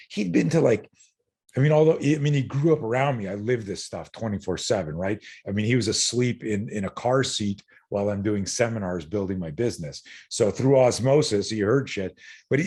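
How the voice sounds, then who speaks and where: On a podcast, a middle-aged man who teaches self-defense recounts a personal experience with blunt earnestness, swearing and stumbling over repeated words. His voice is lowish, husky, and darkish in tone.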